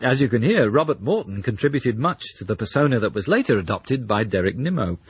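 A radio presenter introducing old comedy clips with dry, wry scripted narration. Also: male voice, medium pitch, sing-song, a little fast, husky, no room sound.

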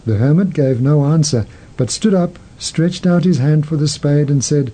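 A man hosting a show, narrating a story in a measured, gentle way. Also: fairly high pitch, low-quality recording. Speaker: host.

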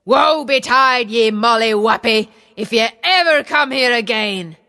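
A woman voicing a big, boastful, cruel male giant who shouts and laughs slowly. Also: lively intonation, heavily acted. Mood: gruff. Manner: booming shouts, slow gloating laugh.

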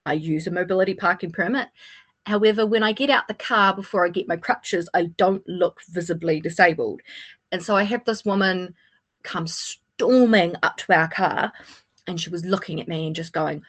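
A woman's voice: fairly low pitch, moderate pace, a bit bright. A woman in casual radio chat, telling anecdotes sarcastically and acting out the quotes.

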